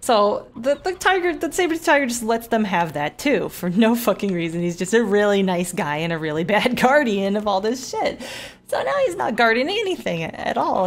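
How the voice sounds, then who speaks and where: A woman streaming a game, chatting away in an animated, storytelling way. She swears freely and keeps a medium pitch. Her talk stays loose and unscripted. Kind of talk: casual gameplay commentary.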